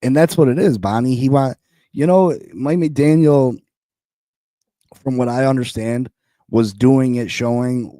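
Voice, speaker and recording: A man rants on a sports podcast and repeats his points in disbelief. His voice is dark and mellow. The sound is dry, with no room echo, and he keeps up a heated, incredulous edge. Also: medium pitch, a little slow. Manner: animated, incredulous, repeats lines for emphasis.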